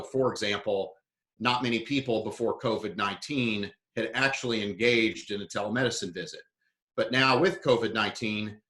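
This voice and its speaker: Low-voiced man giving a startup talk. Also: a bit bright, reverberant. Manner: measured, explanatory, with fillers. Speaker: investor speaking to founders. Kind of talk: conference talk.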